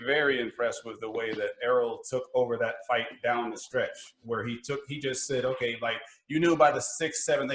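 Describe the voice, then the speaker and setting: A man hosting a casual podcast chat, a lively storyteller who laughs easily. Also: medium pitch, reverberant, rough recording. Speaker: podcast host.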